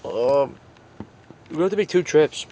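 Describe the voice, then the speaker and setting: A man plays out a toy adventure, speaking slowly in a high, bouncy voice. He keeps switching between goofy high and low character voices, with faint noise behind him. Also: animated, warm tone. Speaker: toy video maker voicing all characters.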